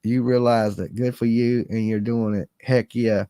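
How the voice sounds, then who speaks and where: A man's voice: mid-range voice, little pitch movement, moderate pace, mellow, clean tone, no room sound, studio quality. A man in his forties, a live-stream host, talking casually in a rambling, earnest and folksy way with slang to his viewers.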